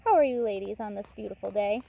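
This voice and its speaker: A woman reading aloud as a smooth-talking, sly male game warden with breezy, overfamiliar patter that turns menacing. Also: medium pitch, fast talker, highs cut off.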